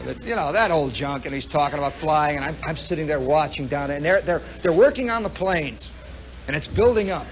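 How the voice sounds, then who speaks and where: Middle-aged male radio storyteller, high and lively, dull 1960s broadcast sound. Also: slight background noise. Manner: animated, imitates roaring planes with shrieks. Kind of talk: spontaneous monologue storytelling.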